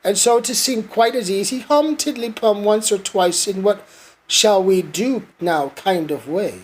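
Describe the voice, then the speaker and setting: A man reading a storybook aloud to his son in a gentle, even way. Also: high-pitched, unhurried, breathy edge. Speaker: father reading a bedtime story.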